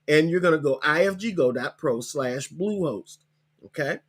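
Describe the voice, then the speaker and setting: A man with a slightly raised voice hosts a live online coaching session. He talks in a loose, conversational way, slowing right down whenever he spells out a web address. He ends many of his points with "okay?". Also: on the high side, lively intonation, husky. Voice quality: hiccups. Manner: chatty, repeats web links slowly, tags lines with okay. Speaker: podcast host.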